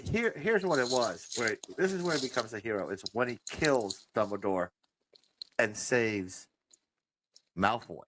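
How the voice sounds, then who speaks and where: A man co-hosting a casual film podcast, making his points in a halting way. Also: mid-range voice, animated, background noise. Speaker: podcast co-host. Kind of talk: casual chat.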